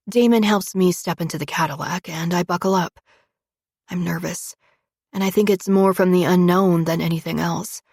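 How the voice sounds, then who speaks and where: Husky woman narrating a romance audiobook. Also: on the low side, steady tone, normal speed, darkish tone, no room sound, clean studio sound. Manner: intimate, confessional storytelling.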